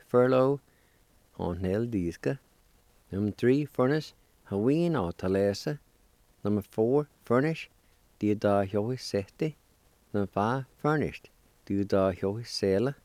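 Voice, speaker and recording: A man's voice: lowish voice, dark tone, no echo. A man teaching a recorded pronunciation lesson, spelling and sounding out words syllable by syllable, with a few encouraging words. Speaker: language teacher.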